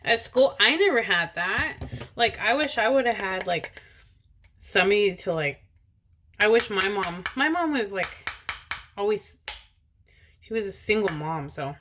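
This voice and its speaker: A woman's voice: mid-range voice, animated, unhurried, pauses often, fairly bright tone, slight background noise. A woman in her thirties, a mother of two, chatting casually to camera in a rambling way with lots of fillers and restarts. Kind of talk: casual personal vlog chat. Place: in a car, driver's seat.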